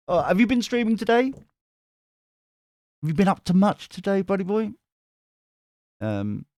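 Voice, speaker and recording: A man's voice: mid-range voice, a little mellow, no echo, studio quality. A man casually chatting with his viewers on a live stream, cheeky and swearing, often laughing. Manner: cheeky, swears, laughs a lot, reads chat aloud. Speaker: tarot reader streamer.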